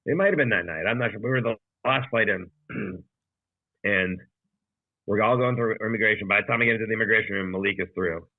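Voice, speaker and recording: Talking fast in a fairly low voice, a comedian and podcast co-host rambles through a casual, profane anecdote, acting out the quoted lines. It comes over a video call, and the audio is dry and tinny.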